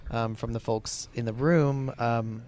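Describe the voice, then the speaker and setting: A physically tired man co-hosting a casual podcast in a hotel lobby, thinking aloud with pauses and restarts. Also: mid-range voice, fairly even intonation, a little mellow. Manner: hesitant, lots of fillers and restarts while thinking aloud. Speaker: podcast co-host.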